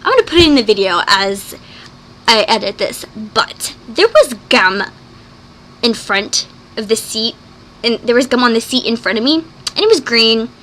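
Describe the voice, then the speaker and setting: A woman talks into her camera in a loose, gushing vlog style, her voice sitting a little high and sounding bright. She piles up "like" and jumps into acted quotes, with a faint hiss behind her. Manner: fast, gushing, full of "like"; excitable, acts out quoted lines. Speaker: vlogger. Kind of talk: casual vlog chat reviewing a movie.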